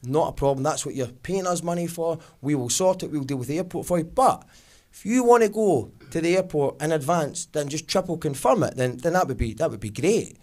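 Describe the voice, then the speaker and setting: A man doing a soft, reassuring, smooth-talking travel agent in a stand-up routine. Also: fairly high pitch, lively intonation, fairly quick, natural voice. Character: soothing, overconfident travel agent. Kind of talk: stand-up comedy impression.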